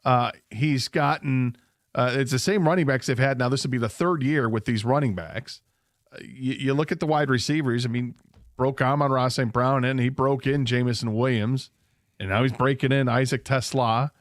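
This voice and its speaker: A man co-hosting sports talk radio, breaking down football in a measured, analytical way. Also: mid-range voice, steady tone, dry recording, studio quality. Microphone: studio microphone.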